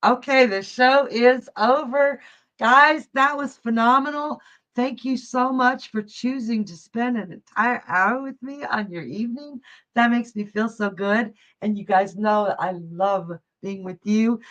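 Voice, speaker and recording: A woman's voice: mid-range voice, a bit bright. Chatty woman doing live psychic readings. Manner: chatty, folksy, addresses viewers as honey and love. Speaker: psychic reader hosting a live show. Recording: dull lo-fi stream audio.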